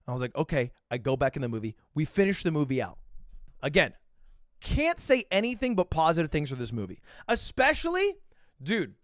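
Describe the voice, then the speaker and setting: A man in his twenties, a streamer telling a story in casual chat, animated and swearing, with sudden bursts of loud laughter. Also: a little high, brisk, dry recording, studio quality. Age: 20s.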